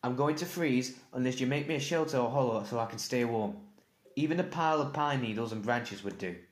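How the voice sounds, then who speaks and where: A man's voice: mid-range voice, brisk, pitched above the performer's own voice, natural voice. A man doing a hurt, frustrated farm boy. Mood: weary. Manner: pleading and exasperated. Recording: echoey room.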